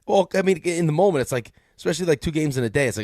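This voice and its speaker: A man's voice: a little high, animated, racing, darkish tone, no room sound, clean studio sound. A middle-aged man co-hosting a sports radio show, telling stories and laughing between lines. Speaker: co-host. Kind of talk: casual sports radio chat.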